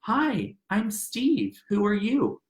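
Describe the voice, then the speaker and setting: A man doing an older male counselor, slow, soft, welcoming, lively pitch, echoey room. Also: full character voice. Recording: roomy echo.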